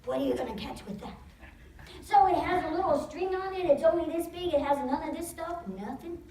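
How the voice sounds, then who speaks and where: A woman telling a story as a sermon, in an animated, emphatic way. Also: very high-pitched, fairly quick, slight background noise. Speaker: guest storyteller in church. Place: chapel. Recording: roomy chapel from a distance.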